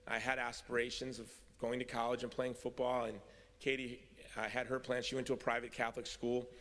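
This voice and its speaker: At a convention, a man tells stories with self-mocking humor in a medium-pitched, fairly bright voice that barely moves in pitch. He talks a little fast, and the hall's long reverb is audible.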